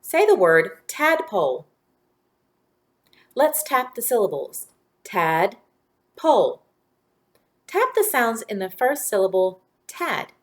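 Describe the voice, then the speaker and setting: A woman teacher talks young children through a phonics lesson at a very slow, deliberate pace. She draws out each word, gives short clear directions and follows them with encouraging praise. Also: a little high, big pitch swings. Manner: slow, clear, drawn-out words.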